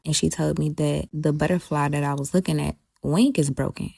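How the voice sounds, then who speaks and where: A young adult woman, telling a blunt, profane, animated story while doing her makeup. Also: low-pitched, brisk, creaky, hardly any pauses. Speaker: beauty vlogger. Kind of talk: casual storytime chat.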